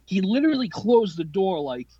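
A man's voice: high voice, very animated, warm tone, muffled recording, slight background noise. A man in his late twenties telling a long, profane story as a podcast guest, rambling and restarting as he goes. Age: 20s. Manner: profane, rambling, quick-tempered delivery. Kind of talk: casual storytelling.

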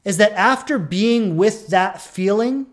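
An earnest relationship coach speaks in a reflective podcast monologue and leans on repeated phrases to drive each point home. The voice sits at a middle pitch. Now and then it jumps into a sudden loud burst before settling back to a calm, steady tone. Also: slow pace.

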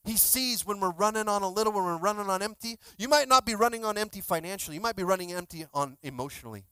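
A male pastor giving a sermon, telling stories in an animated way, acting out quotes and often repeating words. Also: high-pitched, fast talker, clear, resonant tone, dry recording. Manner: animated storytelling, acts out quotes; repeats words, many restarts.

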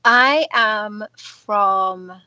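A woman with a mixed Midlands and northern English accent chatting in a measured, hedging way. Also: mid-range voice, bright, forceful tone, no echo, dull audio. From United Kingdom. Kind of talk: casual chat.

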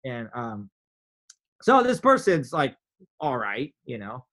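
A man telling a story in casual chat, animated, acting out his own quotes with big jumps in pitch. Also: takes it slowly.

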